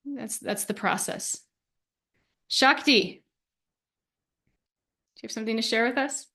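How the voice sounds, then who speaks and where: A woman with a somewhat high voice speaks in a gentle, earnest way as she hosts a spiritual podcast. She reflects aloud and often repeats a word before going on. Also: measured pace. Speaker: podcast host.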